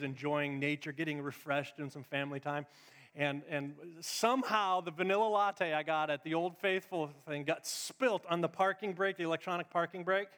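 A middle-aged man preaching a sermon as pastor, swinging between loud emphatic lines and hushed, confiding asides. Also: a little high. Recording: long reverb of a large hall.

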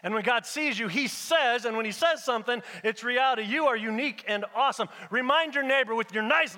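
High, squeaky-voiced man preaching. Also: fairly quick, few pauses, sharp tone, long reverb tail. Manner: repetitive, rhythmic, addresses the congregation directly with humor. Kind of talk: sermon.

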